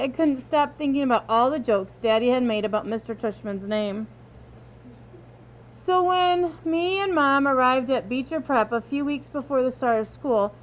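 A woman's voice: high-pitched, a little hiss or hum, low-quality recording. A woman reading a novel aloud in an informal way, with small slips and restarts. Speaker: audiobook reader.

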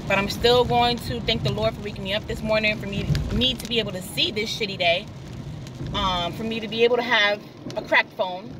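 A woman's voice: medium pitch, fairly even intonation, brisk, recorded from a distance, noisy background. A young woman, a single mom, vlogging outdoors in the rain, unwell and emotional, venting her frustration and then encouraging her viewers. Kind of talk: casual vlog monologue. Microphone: phone held while recording.

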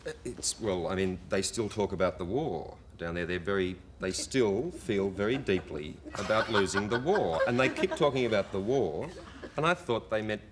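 A man who is a guest on a television talk show, telling a story in a lively way, laughing often and putting on accents. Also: fairly low pitch, moderate pace, few pauses, background noise. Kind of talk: anecdotal chat show storytelling.

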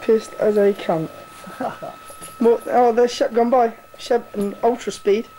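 A young man wanders through an army barracks block with a camcorder, mocking his mates in a crude, sweary running commentary. His voice is mellow and dark-toned, and it is caught by the camera's own mic from right behind the lens. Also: extremely high pitch, little pitch movement, slow pace, slight background noise, poor audio. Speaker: soldier filming barrack mates. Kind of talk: casual home-video banter. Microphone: handheld camcorder mic.

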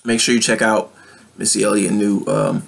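A man's voice: on the low side, level tone, moderate pace, gravelly, breathy edge. A man vlogging from home at his computer, blunt and profane at times and heartfelt at others as he talks to his viewers. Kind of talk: casual vlog chat to viewers.

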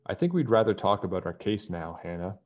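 A man's voice: low voice, big pitch swings, a little fast, lo-fi sound. A man voicing a curious young girl detective in a storybook read-aloud, in a raised, eager girlish voice.

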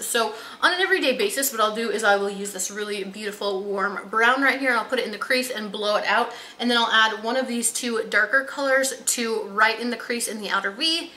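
Young woman vlogger, upbeat and gushy, crisp bright tone, faint background noise. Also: fairly high pitch, poor audio. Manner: upbeat, gushing, talks straight to viewers. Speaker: beauty vlogger. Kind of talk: casual makeup favorites chat. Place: home room with toddler nearby.

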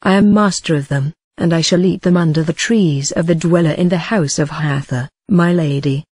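A synthetic text-to-speech voice reading an ancient text aloud in an even recited cadence, even speaking the punctuation. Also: medium pitch, normal speed, breathy edge, no room sound. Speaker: audiobook reader. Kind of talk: scripted narration of an ancient text.

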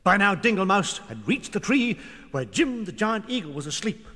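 A man's voice: high-pitched, moderate pace. Playful man reading a children's story. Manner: playful, animated, comic.

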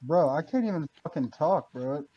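A man in his thirties talking on voice chat through a mobile phone, defensive and halting, trying to talk back while he keeps getting cut off. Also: fairly high pitch, animated, mellow, breathy edge, no room sound, dull audio. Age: 30s. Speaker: voice-chat participant. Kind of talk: argumentative casual chat.

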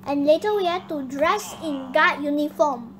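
High-pitched kid girl gaming, chatty and excitable, noisy recording. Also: moderate pace. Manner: excitable, chatty, bossy toward her partner. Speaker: gaming channel host. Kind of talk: casual gameplay chat.

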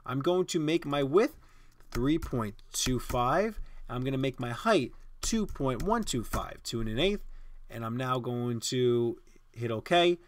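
A man hosting a software design tutorial, explaining each step casually over a screen recording. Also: medium pitch, lively intonation, unhurried. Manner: casual, step-by-step instruction with fillers.

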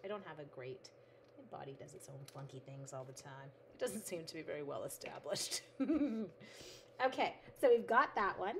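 A woman's voice: lowish voice, slight background noise. A middle-aged woman hosting a craft livestream, chatting casually and talking to her materials as she works. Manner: chatty, reads out viewer comments, talks to her materials. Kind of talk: casual chat while making cards.

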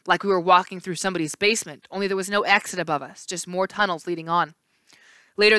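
A woman teacher reading a novel aloud in a steady storytelling voice with small slips. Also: fairly low pitch, clear, resonant tone, dry recording.

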